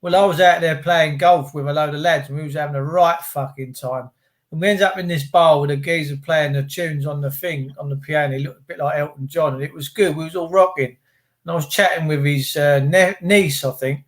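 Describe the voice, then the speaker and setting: A man spins a laddish, sweary story in relaxed chat. His voice sits a little high for a man. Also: fairly quick. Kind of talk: casual chat, telling anecdotes.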